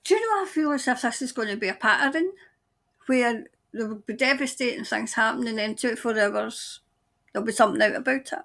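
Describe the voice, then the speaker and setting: A woman giving a tarot-style psychic reading, musing aloud in a halting way as she trails off and starts her sentences over. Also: fairly high pitch, creaky, fairly bright tone. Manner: speaks of seeing and hearing things. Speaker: tarot reader. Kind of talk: intuitive psychic reading monologue.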